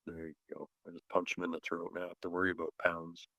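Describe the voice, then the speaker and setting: A middle-aged man, a martial arts instructor, guesting on a podcast and telling animated, blunt, joking stories in casual chat. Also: low-pitched, quick pace, vocal fry, no room sound.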